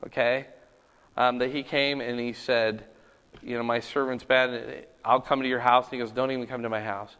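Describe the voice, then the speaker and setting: A man's voice: mid-range voice, flat delivery, normal speed, a bit bright, clear, resonant tone, in a large hall. A man teaching a Bible study in a conversational, sermon-like way, moving between casual asides and earnest, emphatic preaching.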